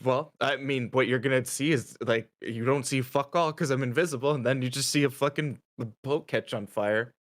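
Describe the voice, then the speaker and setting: A man's voice: mid-range voice, moderate pace, hardly any pauses. A man player in a tabletop game, talking casually with stumbles and swearing.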